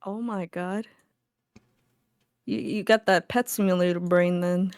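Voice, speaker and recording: A woman's voice: on the low side, steady tone, measured pace, darkish tone, no room sound, studio quality. A woman guesting on a podcast, playful and giggly, teasing as she chats. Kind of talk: casual chat.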